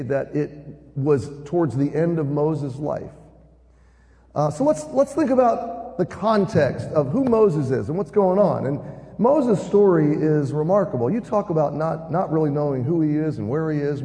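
A man's voice: on the high side, mellow, big-room sound. A man preaching a sermon, retelling the story in an earnest way and building emphasis as he goes.

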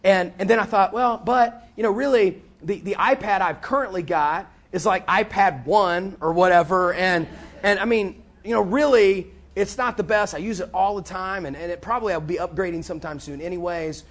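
A man with a high-pitched voice preaches through a personal story. He talks in an animated way, often repeating words and acting out both sides of a conversation. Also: moderate pace. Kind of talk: sermon storytelling.

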